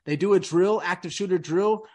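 Here's a podcast host whose high voice is a little mellow and moves at normal speed. He rambles emphatically through casual conspiracy talk, sprinkling in "dude" and "man."

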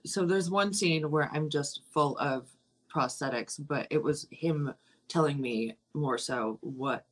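A woman's voice: low voice, slow. A woman in her thirties, an actress and co-producer, talking candidly in an interview and swearing freely. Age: 30s. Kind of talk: casual interview.

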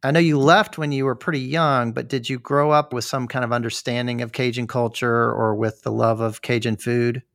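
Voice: medium pitch, steady tone, moderate pace, creaky, few pauses, fairly bright tone. An interviewer asking questions in an easy, attentive conversational manner.

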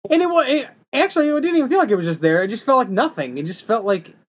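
A man's voice: very high-pitched, animated, fast. A man in a casual movie-review podcast, making crude jokes and chiming in between the others. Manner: crude, jokey.

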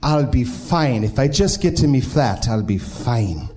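A man's voice: mid-range voice, expressive, a little slow, dark tone, close to an everyday voice. A man putting on a bad Irish accent for a stubborn drunk. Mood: drunk insistence. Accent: Irish, put on badly.

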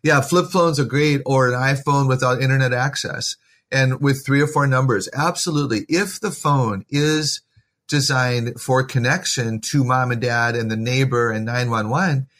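A man's voice: medium pitch, moderate pace, a bit bright. A man speaking as a guest author in a podcast interview, giving earnest, encouraging parenting advice in a preacherly way.

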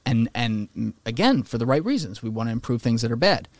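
A man's voice: mid-range voice, fairly quick, no echo. Opinionated man in casual podcast chat. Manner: animated, opinionated, swearing, putting on mocking voices for quotes.

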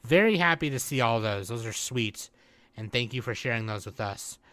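A man's voice: medium pitch, lively intonation, normal speed, fairly bright tone, dry recording. A man hosting a podcast in casual chat, loose and joking, full of "like" and "dude" fillers. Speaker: podcast host.

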